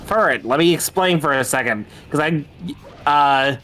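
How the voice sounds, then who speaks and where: A man chatting on a game stream in a fairly high voice. He stalls often, circling back and restarting his sentences. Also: animated, normal speed, sharp tone. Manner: hesitant, many fillers and restarts. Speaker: streamer host. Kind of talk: casual gaming stream chat.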